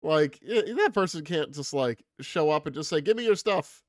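Excitable young-sounding male player. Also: on the high side, normal speed, no room sound, studio quality. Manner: excitable, stammering. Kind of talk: casual tabletop game play.

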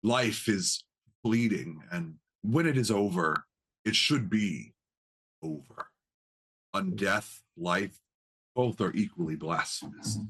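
A man's voice: sits low, lively intonation, fairly bright tone, slightly rough, exaggerated voice. A man playing a solemn undead lord. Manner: grave, measured.

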